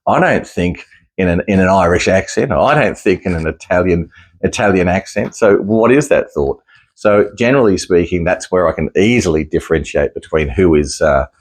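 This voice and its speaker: A man's voice: deep voice, a little mellow. A man talking casually to camera as a psychic medium, rambling and restarting his sentences. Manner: rambling, with frequent restarts and easy chuckles. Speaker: psychic medium sharing experiences.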